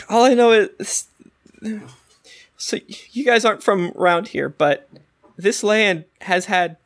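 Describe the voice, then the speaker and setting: A game master voicing a nervous young female Warforged attendant who rambles and corrects herself mid-sentence. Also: mid-range voice. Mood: rambling. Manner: rambling, flustered, self-correcting.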